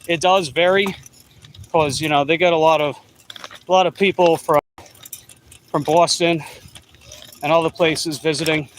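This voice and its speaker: A middle-aged delivery rider vlogger with a Long Island New York accent chats casually while riding an e-bike on the road, reading viewer comments aloud and rambling through restarts. His voice is on the high side with fairly even intonation, a little slow with long pauses, over a little hiss or hum.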